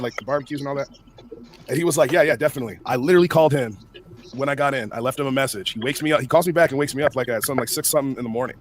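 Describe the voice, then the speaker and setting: A man telling a story on a livestream in an animated, profane way, acting out what others said. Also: mid-range voice, slight background noise. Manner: animated, profane, acts out quoted dialogue. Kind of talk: casual storytelling chat.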